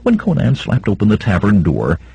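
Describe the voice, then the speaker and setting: A man's voice: fairly low pitch, wildly swooping pitch, brisk, creaky, husky, no echo, low-quality recording. A man narrating an audiobook in a dramatic reading style. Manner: dramatic, voices shouts of characters. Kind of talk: scripted narration.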